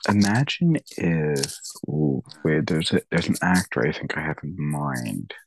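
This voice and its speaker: A man in casual podcast chat, ranting with lots of swearing and animated put-on voices. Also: very deep voice, unhurried, a little hiss or hum, rough recording. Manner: profane, animated rants. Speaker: podcast co-host.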